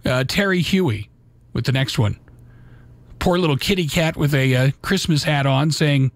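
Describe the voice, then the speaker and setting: A man's voice: on the high side, moderate pace, dry recording. A man hosting a live radio talk show, reading holiday memes aloud in a folksy, casual way with little asides.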